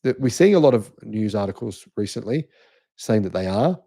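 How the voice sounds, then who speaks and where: A man's voice: on the low side, lively intonation, normal speed, gravelly, mellow. A middle-aged Australian man hosting a live-stream, speaking emphatically and insistently while he answers chat comments, often restarting his sentences. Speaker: channel host.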